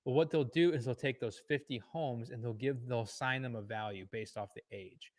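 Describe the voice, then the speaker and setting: A man from Illinois explains valuation in an easygoing classroom manner, full of fillers and quick restarts. His voice sits at a middle pitch and is recorded close and dry, with no room sound. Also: dry recording. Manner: loose and conversational, many fillers and self-corrections. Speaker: real estate educator. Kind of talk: casual teaching talk. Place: indoor room with a board.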